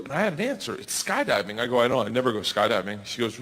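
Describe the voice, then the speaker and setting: Man, forties, stand-up comedian, loud and animated, noisy live room. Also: mid-range voice, quick pace. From United States. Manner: loud, animated, acts out characters. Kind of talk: stand-up storytelling. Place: comedy club stage. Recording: live club set with crowd noise. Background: laughing crowd.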